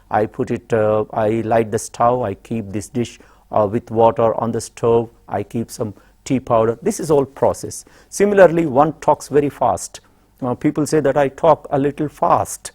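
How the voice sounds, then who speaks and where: A middle-aged man with an Indian English accent teaching a classroom grammar lesson, slowly and deliberately repeating example questions and answers. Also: medium pitch, a little mellow.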